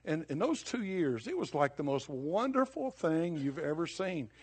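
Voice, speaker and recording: A husky-voiced older man delivers a sermon like he is talking across a kitchen table. His homespun storytelling keeps breaking into sudden emphatic punches, then drops back to plain talk. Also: fairly high pitch, sing-song, moderate pace. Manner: folksy, conversational storytelling with sudden bursts of emphasis. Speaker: preacher.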